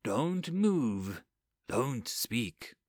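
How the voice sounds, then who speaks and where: A man's voice: fairly high pitch, sing-song, normal speed, dry recording, pitched above the performer's own voice. A man voicing a world-weary, sardonic male occult fixer who mutters dry, brusque remarks. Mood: urgent.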